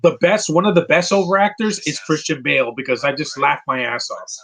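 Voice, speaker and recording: A man giving casual live movie commentary, rambling and answering viewers' questions with quick opinions. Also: a little high, expressive, vocal fry, fairly bright tone, poor audio.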